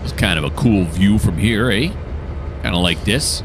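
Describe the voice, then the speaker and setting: Low-voiced jokey man playing a train game. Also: expressive, moderate pace, background noise. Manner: jokey, self-mocking, rambling. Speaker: gameplay commentator. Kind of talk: casual gameplay commentary.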